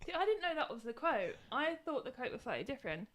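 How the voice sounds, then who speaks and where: A woman's voice: high-pitched, big pitch swings, fast talker. A woman co-hosting a live stream with casual chat, teasing her husband and laughing. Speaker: live show co-host.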